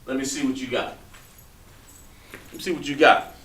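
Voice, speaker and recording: A man's voice: mid-range voice, steady tone, normal speed. A man teaching a class, patiently coaxing students and trailing off as he writes on the board. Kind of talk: classroom instruction. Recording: roomy, distant mic with background noise.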